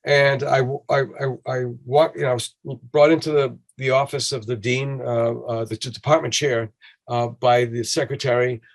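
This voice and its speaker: A man in relaxed podcast talk, his voice sitting at an ordinary middle pitch. He tells his stories animatedly, slipping into the voices of the people he quotes. He often restarts his sentences as he goes. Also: normal speed. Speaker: podcast conversation partner. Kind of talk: casual conversational storytelling.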